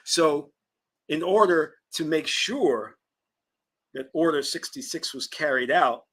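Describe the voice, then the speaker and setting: A man from Virginia giving an emphatic, preaching spiritual lecture on a livestream, answering chat and stretching key words slowly. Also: a little high, a bit bright, husky. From Virginia, US South. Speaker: spiritual teacher and channel host.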